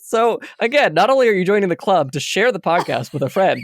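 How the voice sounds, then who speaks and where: A man co-hosting a casual podcast, playful and giggly as he reads plugs and shout-outs. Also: high voice, big pitch swings, fairly quick, no echo, studio quality. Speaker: podcast co-host.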